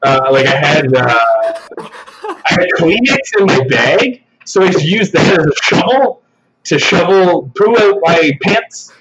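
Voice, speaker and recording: A man spins a long story in an easygoing, loose way, cursing as he goes. His voice sits at an ordinary pitch, and the recording sounds a little dull and muffled. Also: a little slow, very noisy. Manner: relaxed, swears freely, laughs while telling. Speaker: podcast guest. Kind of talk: casual storytelling.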